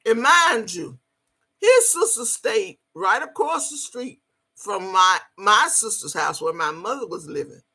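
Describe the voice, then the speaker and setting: A woman telling a personal story in a casual, animated way, swearing freely as she goes. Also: medium pitch, measured pace, slightly rough.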